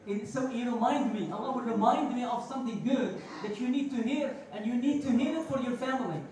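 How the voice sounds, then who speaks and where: High-voiced preacher in an echoey hall. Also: male voice, brisk, a little mellow, far from the mic. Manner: passionate, storytelling, mixes Arabic phrases. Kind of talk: Friday sermon. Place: large mosque prayer hall.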